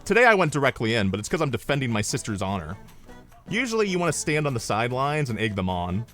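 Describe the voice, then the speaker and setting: A man's voice: mid-range voice, very animated, fast talker, a bit bright, faint music behind. A man streamer chatting casually, telling rambling stories, swearing freely and laughing at his own jokes. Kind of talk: casual storytelling chat.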